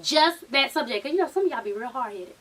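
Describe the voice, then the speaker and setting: A woman with a Black way of speaking, recapping a reality show episode like she is gossiping with a friend. Her voice sits high, and she swears freely, throws in a drawn-out "child" now and then, and switches into raised voices when she quotes people. The mic is set a bit away from her, so she sounds slightly distant. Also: lively intonation, fairly bright tone.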